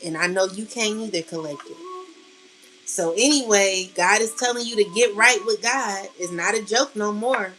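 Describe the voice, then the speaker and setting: A woman's voice: medium pitch, normal speed, sharp tone, soft background music, low-quality recording. A woman tarot reader speaking to her viewers in a passionate, blunt monologue, swearing freely and close to tears. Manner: passionate, blunt, swears freely, calls listeners "collective" and "baby". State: near tears. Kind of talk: emotional spiritual monologue to viewers.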